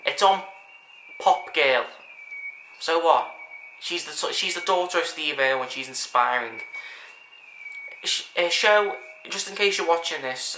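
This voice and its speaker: A man's voice: fairly high pitch, animated, measured pace, long pauses. A man talking casually to camera, earnest and rambling, often restarting his sentences. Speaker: vlogger. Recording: echoey room with faint background hiss.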